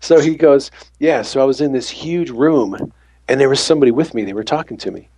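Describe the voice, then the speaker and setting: Fairly quick and darkish in tone, with a breathy edge, a man's mid-range voice relates a faith testimony from ambulance duty while acting out the dialogue. The recording is dry.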